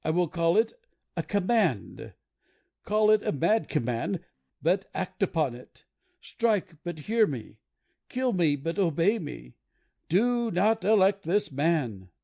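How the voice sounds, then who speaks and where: A woman's voice: on the low side, sing-song, slow pace, vocal fry, warm tone, pitched below the performer's own voice, exaggerated voice. A woman reading an audiobook, voicing a passionate, desperate young male anarchist who pleads with his comrades. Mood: impassioned pleading. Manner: impassioned, pleading.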